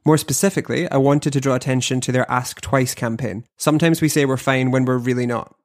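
A man hosting a podcast, reading a scripted intro, then chatting with a guest in a studio in a measured presenter voice. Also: mid-range voice, fairly even intonation. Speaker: podcast host. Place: studio across a table. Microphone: headphones and studio mic.

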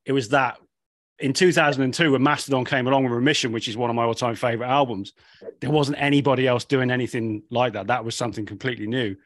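A man's voice: mid-range voice, steady tone, quick pace, no room sound, clean studio sound. A man hosting a podcast interview, chatty and enthusiastic with his guest. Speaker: podcast host. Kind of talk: casual interview chat.

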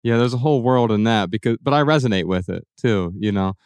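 A man hosting a podcast, musing thoughtfully and trailing off softly as he asks about a song. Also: on the low side, animated, fast, clear, resonant tone, no echo. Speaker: podcast host. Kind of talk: reflective interview talk.

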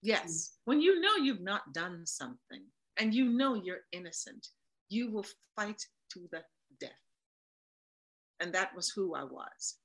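A woman's voice: medium pitch, sing-song, a little slow, fairly bright tone, rough recording. A woman, a voice actor and producer, talking animatedly and with emphasis as a guest in a casual interview.

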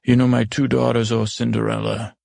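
A man improvising as an older, once-cruel stepmother, telling her story in a rambling, halting way and correcting himself as he goes. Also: mid-range voice, flat delivery, gravelly, a little mellow, dry recording. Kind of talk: improvised first-person storytelling.

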